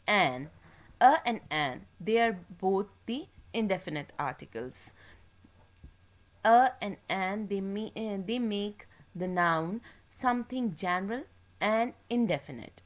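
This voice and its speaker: A woman teacher giving a recorded English grammar lecture, explaining step by step with frequent pauses and fillers. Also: medium pitch. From Pakistan.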